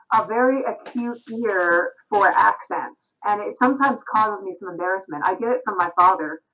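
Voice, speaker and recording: A woman's voice: medium pitch, sharp tone. A woman from Canada, a singer-songwriter, talking thoughtfully and reflectively as a guest in a video-call interview. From Canada, Vancouver. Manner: thoughtful, reflective, with frequent restarts. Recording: slightly dull Skype audio.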